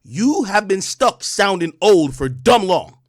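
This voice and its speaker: Man, streamer rant, high voice, combative, profane, dry mic. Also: slow, no room sound. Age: adult under 45. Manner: loud, profane, combative, swings from shouting to calm. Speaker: streamer commentator. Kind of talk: heated livestream rant.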